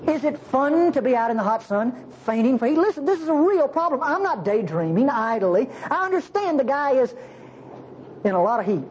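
A woman preaching a sermon in an animated, conversational way, asking the congregation questions. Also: sits high, a little fast, slight background noise, low-quality recording.

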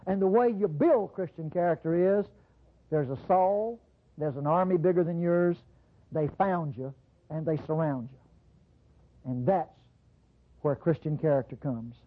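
Husky preacher, big swoopy pitch, sounds like an old phone-line tape. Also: a little slow, long pauses. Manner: animated, swinging between low intimate asides and high bursts; addresses the congregation directly with call-outs. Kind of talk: sermon. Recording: tinny lo-fi sermon recording.

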